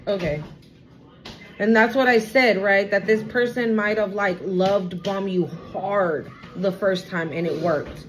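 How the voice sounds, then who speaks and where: A woman's voice: medium pitch, steady tone, takes it slowly, highs cut off, soft background music. A woman giving a casual tarot reading to her viewers, blunt and profane, repeating her warnings for emphasis. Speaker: tarot reader.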